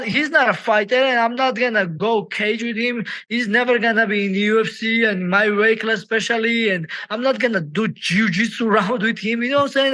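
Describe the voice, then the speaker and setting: High, bright-voiced angry fighter. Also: male voice, rough recording. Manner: angry, halting, repeats and restarts. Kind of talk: heated interview.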